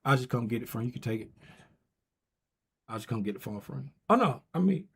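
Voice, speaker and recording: Man host for a livestream, casual and teasing, mid-pitched and easygoing. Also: lively intonation, fast talker, gravelly, a bit bright, husky. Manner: playful, teasing banter with viewers.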